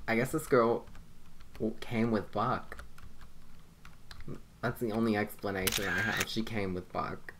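A woman's voice: rumbling low, big pitch swings, unhurried, long pauses, a little hiss or hum. A young adult woman giving casual commentary on her life-simulation game, chatty and laughing often, swearing freely. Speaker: gameplay commentator. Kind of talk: casual let's-play commentary. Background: loud game music.

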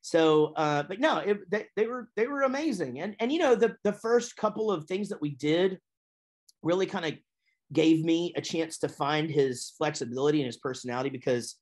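A middle-aged man, a musician and voice actor, chatting as a podcast guest in a lively, rambling way. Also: moderate pace. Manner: chatty and animated, with big pitch swings when telling stories. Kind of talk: casual interview chat.

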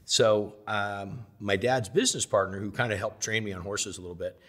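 A middle-aged man telling lively stories in a sit-down interview, acting out the voices of the people in them. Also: on the low side, moderate pace. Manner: animated storyteller, acts out voices of others. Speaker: interview guest.

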